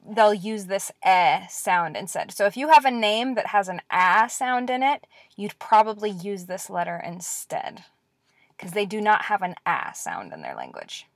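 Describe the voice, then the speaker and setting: A woman teaching a lecture-style language lesson, repeating words slowly and clearly with patient encouragement. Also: mid-range voice, no echo, clean studio sound.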